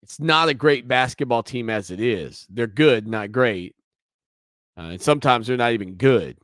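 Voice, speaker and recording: A man's voice: mid-range voice, lively intonation, normal speed, fairly bright tone, dry recording, studio quality. A man hosting a sports talk radio show, talking through the news in a conversational, opinionated way with teasing asides.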